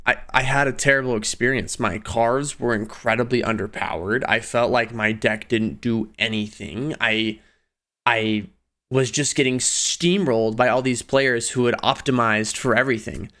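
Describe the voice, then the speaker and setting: A man in his twenties telling personal stories in a casual vlog, animated, laughing often and jumping up in pitch on emphasis. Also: normal speed. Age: 20s. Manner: animated, laughing storyteller with sudden pitch jumps. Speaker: video creator.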